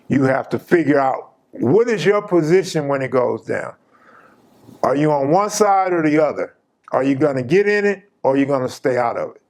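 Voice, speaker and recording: A man hosting his channel, casually telling a personal story in an emphatic, slang-heavy way. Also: fairly high pitch.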